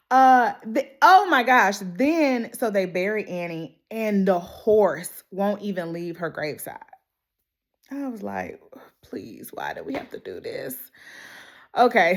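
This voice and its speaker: A young woman, chatting casually through a TV episode recap with dramatic exclamations. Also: mid-range voice. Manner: animated, laughs often, dramatic exclamations. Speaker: show recap vlogger.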